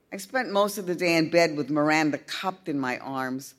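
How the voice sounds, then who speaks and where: A woman narrating a first-person story in a slow, deliberate storytelling manner. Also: low-pitched. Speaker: audiobook reader.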